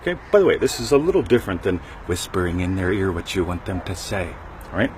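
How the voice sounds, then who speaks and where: Middle-aged man, low voice, casual rambling host, jokey asides, faint traffic noise behind. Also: lively intonation, quick pace, darkish tone. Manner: rambling, joking, with frequent "right?" asides. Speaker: podcast host. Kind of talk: casual talk show monologue.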